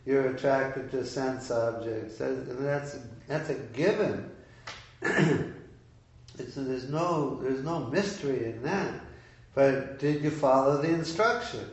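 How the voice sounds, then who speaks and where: A man telling a story informally at a devotional gathering, with many halting restarts and fillers. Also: mid-range voice. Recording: echoey room, far from the mic, dull sound.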